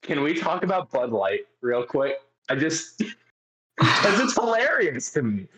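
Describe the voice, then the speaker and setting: A man co-hosting a podcast in casual chat, telling stories excitedly, laughing often and swearing freely. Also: on the high side, measured pace, rough recording. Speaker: podcast co-host.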